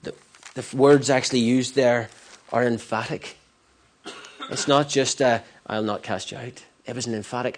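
A man's voice: medium pitch, steady tone, normal speed. A man preaching a sermon earnestly, repeating phrases for emphasis and often restarting mid-sentence. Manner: many restarts and stumbles.

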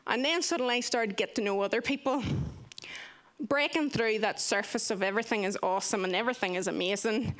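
A young woman sharing a personal testimony in earnest, expressive storytelling. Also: on the high side, fast. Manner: earnest and expressive, acting out quoted voices. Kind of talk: candid storytelling talk.

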